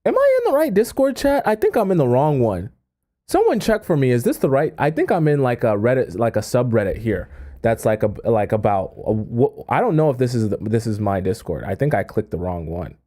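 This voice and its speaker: A man's voice: mid-range voice, dark tone. A man hosting a dating-advice live stream, reading a letter aloud and stammering in disbelief, trailing off into mutters. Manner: stammering, incredulous, dropping to mutters and breaking into laughter.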